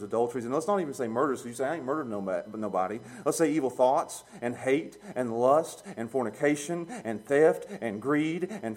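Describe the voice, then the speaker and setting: A man preaching a sermon, plain-spoken and chuckling, swinging from quiet low musing to loud emphatic peaks. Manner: plain-spoken, uses street talk and chuckles.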